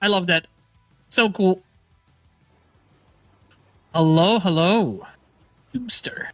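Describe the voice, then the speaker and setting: A man's voice: sits high, drawn-out words, fairly bright tone, faint music behind. A man hosting a casual livestream chat, enthusiastic and laughing often. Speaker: livestream host.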